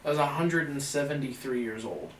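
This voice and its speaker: A man's voice: medium pitch, normal speed, a bit bright. A man hosting a live paranormal investigation in an old house, talking casually with restarts and reading viewer comments aloud. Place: old house at night, indoors. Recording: roomy, distant, faint background noise.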